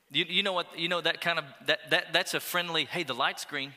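Man, pastor preaching, very bright ringing voice, energetic call-and-response, long hall reverb. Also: on the high side, a little fast, hardly any pauses. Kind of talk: sermon. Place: church auditorium.

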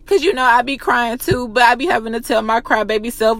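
A woman's voice: fairly high pitch, brisk, hardly any pauses, fairly bright tone, no echo. Woman, motivational pep talk, blunt and profane, repeats for emphasis. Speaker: motivational vlogger.

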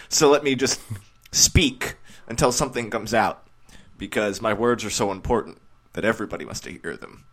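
A man's voice: on the low side, moderate pace, long pauses, fairly bright tone. Man cracking irreverent jokes. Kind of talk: casual comedic banter.

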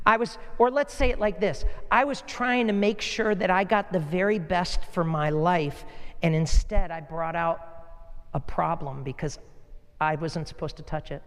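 A man's voice: sits high, moderate pace, a bit bright, big-room sound. A man preaching a sermon, earnest and storytelling, repeating words as he builds a point. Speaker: pastor.

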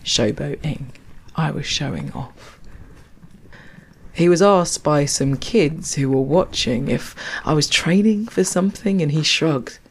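While strolling beside a canal outdoors, a woman tells reflective, poetic stories punctuated by wry asides, in the manner of spoken-word storytelling. Her voice is low-pitched, slightly rough, and slow.

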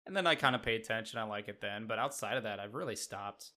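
A man co-hosting a sports podcast with a fairly low voice. He talks casually and rambles, with lots of filler words. He is from the Midwest. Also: quick pace, pushed and bright. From Midwest United States. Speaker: podcast co-host.

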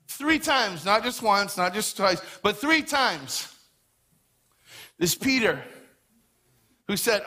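A man preaching a lively sermon as pastor, acting out quoted voices and repeating words for emphasis. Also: very high-pitched, measured pace, pauses often.

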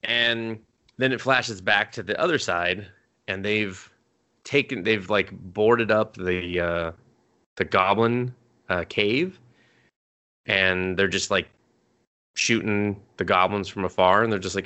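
A man's voice: fairly low pitch, measured pace, pushed and bright, clear, resonant tone. A man co-hosting a podcast, loosely recapping an anime episode in a rambling, profane, filler-heavy way. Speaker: podcast co-host.

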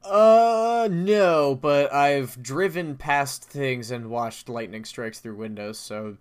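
A man's voice: medium pitch, takes it slowly, clean tone. A man co-hosting a podcast, making dry jokes and laughing as he recaps an episode. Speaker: podcast co-host. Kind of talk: casual chat recapping a radio drama episode.

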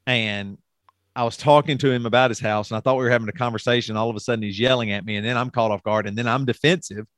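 A middle-aged man in candid podcast chat, speaking at a medium pitch. His talk rambles, and he swears and restarts his sentences often. The recording is close and dry. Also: steady tone, quick pace, fairly bright tone, no echo. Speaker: podcast co-host.

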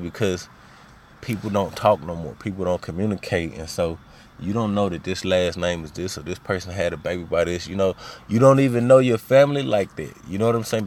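A man's voice: low-pitched, a little mellow, slight background noise. A man with an Arkansas Southern accent, talking casually and telling personal stories as a podcast host, full of slang and "you know what I mean.". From Little Rock, Arkansas.

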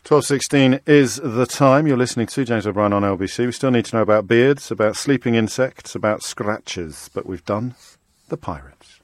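A man hosting a radio phone-in show with a British accent, talking quickly with a wry, teasing manner and frequent restarts. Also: mid-range voice. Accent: British English. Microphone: studio microphone.

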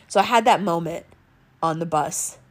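A woman's voice: lowish voice, normal speed. A woman telling a travel story in a casual monologue, swearing freely and acting out the lines of the people she met. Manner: animated, swearing, acts out quoted lines.

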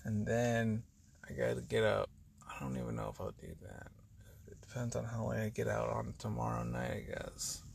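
In a creaky, mid-range voice at a normal speed, a weary podcast host drifts through a personal monologue, sighing and letting thoughts trail off while his words occasionally blur together. There's a little hiss or hum in the audio.

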